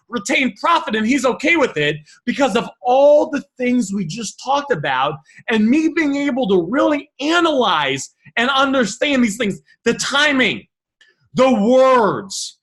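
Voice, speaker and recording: Bright, high-voiced man coaching negotiation. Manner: animated, quick restarts and repeated phrases, thinking aloud. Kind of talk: teaching, walking through message examples.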